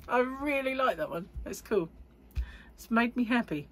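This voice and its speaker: A woman's voice: fairly high pitch, lively intonation, unhurried, pauses often, a bit bright, no room sound. A middle-aged woman vlogging casually to camera, rambling and chatty with frequent laughs. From United Kingdom. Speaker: crochet vlogger.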